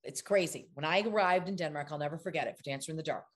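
Woman, actress guest, chatty interview, animated storytelling, fast bursts. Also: low-pitched. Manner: animated storyteller, acts out other people's lines. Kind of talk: anecdotal interview chat.

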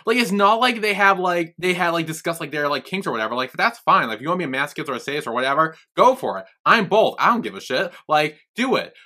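A man's voice: on the high side, expressive, quick pace, hardly any pauses, pushed and bright. A young man co-hosting a podcast in casual chat, laid-back, swearing casually as he retells scenes. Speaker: podcast co-host.

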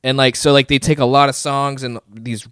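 A man's voice: mid-range voice, fairly even intonation, moderate pace, a bit bright, smooth, no echo. Man, podcast co-host, joking, teasing, dry close sound. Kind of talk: casual chat.

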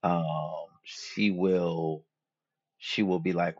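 This man's low, slightly rough voice holds a fairly even intonation at a moderate pace as he hosts a podcast. He rambles casually about dating with slang and profanity, and the dull lo-fi recording is dry with no room sound.

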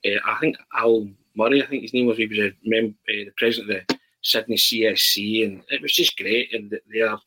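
A man, a podcast guest, telling a travel anecdote in a halting, animated way with many restarts. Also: lowish voice, rough recording. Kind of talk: casual storytelling.

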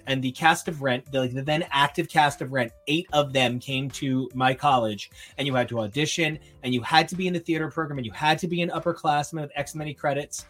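A man's voice: a little high, fairly bright tone. A young man in casual chat on a podcast, rambling through a story and acting out the voices of the people in it. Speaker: podcast co-host.

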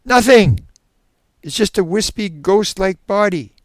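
A man voicing a terrified man under regression hypnosis, a former preacher, with shrill panicked outbursts. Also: sing-song, a little slow, no echo, studio quality.

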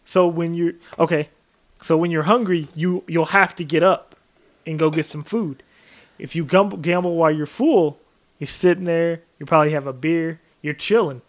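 Man, higher voice, podcast co-host, casual chat, relaxed, filler-heavy. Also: moderate pace. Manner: relaxed, uses lots of fillers like 'like'.

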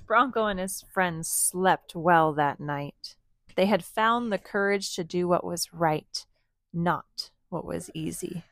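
Woman reading a storybook to kids at home, slow pace, gravelly, dry close sound. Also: on the low side, dry recording. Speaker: parent reading to children.

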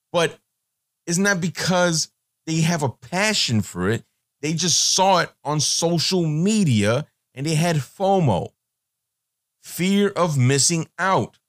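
A man's voice: fairly high pitch, no room sound, studio quality. A man hosting a podcast, giving a blunt, profane, rambling monologue with many fillers. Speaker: podcast host.

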